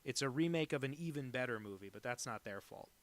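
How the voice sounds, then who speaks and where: Animated and fast, a man with a medium-pitched voice streams live while drawing requests as a cartoonist. He rambles from tangent to tangent with many fillers, regularly making fun of himself.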